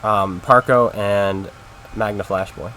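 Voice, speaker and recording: A man's voice: on the low side, fairly even intonation, slow pace, pushed and bright, slight background noise. A man casually talking to his stream chat while playing a game, in a rambling, chatty way. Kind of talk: casual live-stream commentary.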